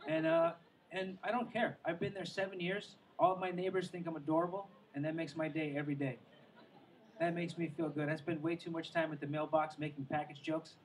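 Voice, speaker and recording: A man with a high voice performs a stand-up set at an outdoor show by the water. He rambles and pokes fun at himself, trailing off into asides. The recording picks him up from a distance, with a faint wash of noise behind him. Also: flat delivery, a little fast. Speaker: stand-up comedian.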